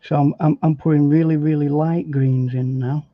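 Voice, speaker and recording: Male painting tutor, a touch high, easygoing and talkative, dry slightly muffled sound. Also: fairly even intonation, moderate pace, no echo. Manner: chatty, thinking aloud with fillers and repeats. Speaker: painting instructor. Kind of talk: relaxed painting demonstration. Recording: dry, slightly dull recording.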